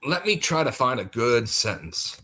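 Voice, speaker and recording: A man's voice: medium pitch, big pitch swings, moderate pace, pushed and bright, husky. A man hosting a casual livestream, chatty and self-deprecating as he sets things up. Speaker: livestream host.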